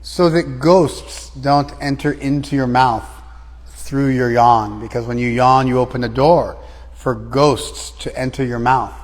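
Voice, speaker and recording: A man's voice: medium pitch, fairly even intonation, measured pace, big-room sound. A man leading a scripture class, probing his students with repeated questions. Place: class room, some students joining by phone.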